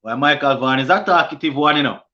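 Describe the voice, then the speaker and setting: In lo-fi stream audio, a young Jamaican-accented sports channel host talks fast in a slightly high, sharp voice. He's running a cricket live stream, reading viewer comments aloud and casually answering them.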